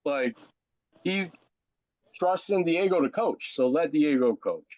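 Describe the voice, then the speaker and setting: A man's voice: a little high, lively intonation, slow, a little mellow, no room sound. A man hosting a podcast, talking casually and stressing his points firmly. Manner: emphatic, repeats points. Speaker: podcast host. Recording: dull dry audio.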